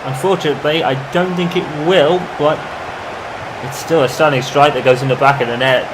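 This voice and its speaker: A man's voice: a little high, fairly quick, noisy background. Man doing mock football commentary. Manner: excitable, bursts into shouting on goals. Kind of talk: playful imitation of match commentary over gameplay.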